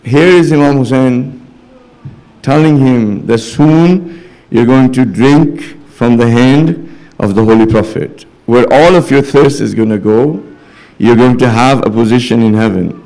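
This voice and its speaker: A man's voice: measured pace, warm tone. A man giving a religious sermon in a mosque hall, retelling stories with quoted dialogue and rising to impassioned pleading. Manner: rises to impassioned, high-pitched pleading near the end. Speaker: religious speaker. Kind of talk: majlis sermon.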